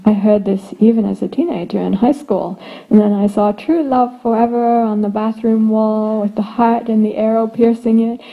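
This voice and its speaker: A woman giving a relaxed dharma talk as a meditation teacher, laughing often and slipping in playful asides. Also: medium pitch, moderate pace, gravelly, narrow, tinny audio.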